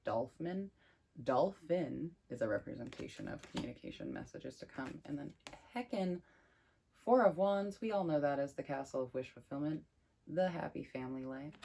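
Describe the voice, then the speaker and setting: A woman giving a casual tarot reading, chatty and excitable as she thinks aloud over the cards. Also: very deep voice, moderate pace, vocal fry, a little hiss or hum. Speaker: tarot reader.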